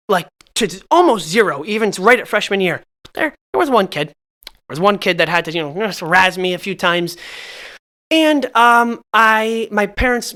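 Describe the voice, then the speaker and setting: A young man from Southern California with a bright, tense edge to his voice, chatting casually on a podcast. He stumbles through constant restarts and pokes fun at himself as he tells his stories. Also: sits high. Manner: halting, full of restarts, self-mocking. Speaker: podcast storyteller.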